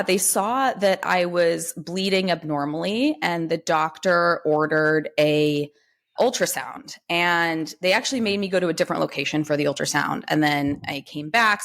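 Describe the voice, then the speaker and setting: Woman guest, 30s, lowish voice, lively storyteller voicing quoted dialogue. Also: normal speed. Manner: animated, acts out quoted dialogue with lifted pitch. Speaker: podcast guest. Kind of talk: conversational storytelling.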